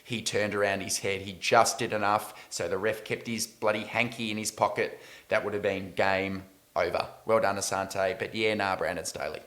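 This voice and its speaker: Australian male co-host, bright forceful voice, excitable and sweary. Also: lowish voice, normal speed, few pauses. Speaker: podcast co-host. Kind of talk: casual sports podcast chat.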